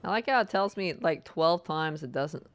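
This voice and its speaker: Casting: woman streamer, low-ish and very animated, bright and teasing. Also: normal speed. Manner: sarcastic and playful, mocking the game. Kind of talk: casual gameplay commentary.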